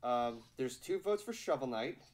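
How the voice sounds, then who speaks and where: A man's voice: mid-range voice, animated, moderate pace, darkish tone. A man streaming games and chatting casually, rambling with lots of fillers. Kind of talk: casual chat on a game stream.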